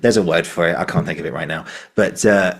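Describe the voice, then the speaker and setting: A man's voice: deep voice, fast talker, creaky. A man hosting a podcast, supportive and fumbling for words at times in casual conversation. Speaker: podcast host.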